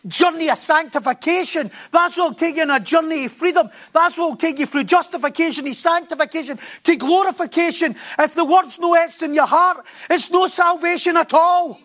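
A man preaching a sermon from a church platform, passionate, swinging between quiet asides and loud, emphatic bursts. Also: very high voice, brisk, hardly any pauses.

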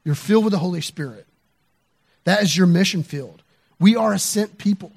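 A man's voice: sits high, normal speed, gravelly, darkish tone, husky. A man pastor telling a neighborhood story in a sermon, chatty and loose, with fillers and restarts.

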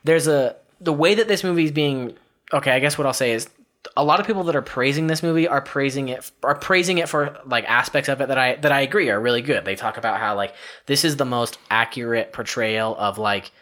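A man's voice: medium pitch, fairly quick, pushed and bright. A man co-hosting a podcast, talking casually and at length about a movie, often restarting his sentences. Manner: rambling, self-correcting, frank. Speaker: podcast co-host. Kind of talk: casual film review chat.

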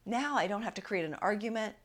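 A woman's voice: mid-range voice, expressive, fast. A woman hosting an advice podcast as a relationship coach, talking in a direct, encouraging way and often checking in with listeners.

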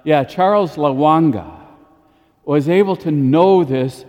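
Brief: chatty priest preaching in church, voice a touch high, long reverb. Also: male voice, takes it slowly, lo-fi sound. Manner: lively and informal, with frequent chuckles. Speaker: Catholic priest. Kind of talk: daily homily.

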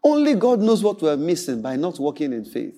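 Male pastor, high and animated, playful sermon storyteller. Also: a little fast. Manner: animated storytelling preacher, acts out quoted voices, laughs often.

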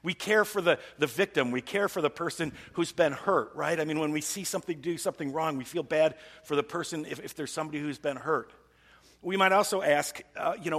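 At a church service, a man preaching as pastor speaks conversationally and asks the congregation rhetorical questions. His voice is a little high and a bit bright, his pace brisk, and the sound has a large hall's long reverb.

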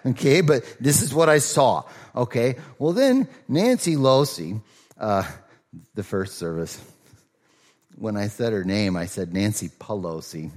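Conversational male pastor preaching, lively pitch. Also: unhurried. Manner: conversational storytelling with fillers and asides. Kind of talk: sermon.

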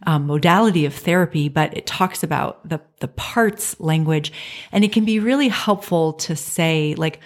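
A woman's voice: sits low, moderate pace. A woman co-hosting a faith podcast, talking through forgiveness in a thoughtful, candid way with light laughs. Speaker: podcast co-host. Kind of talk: reflective faith conversation.

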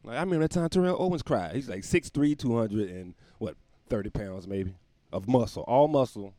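A man hosting his own show in a loose, joking monologue, wandering from one thought to the next and chuckling at his own lines. His pitch swings up and down with lively energy. The sound is dry and close, recorded in a room at home. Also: fairly quick, no room sound. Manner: rambling, joking, laughs at his own jokes. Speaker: podcast host. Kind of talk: casual comedic monologue. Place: room at home near windows.

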